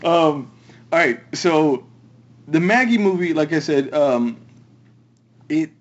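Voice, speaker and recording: A man with a slightly high voice chats casually about movies, wandering through his sentences and restarting them. The recording sounds dull and lo-fi. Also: lively intonation, slow pace. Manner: rambling, often restarts mid-sentence. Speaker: podcast co-host.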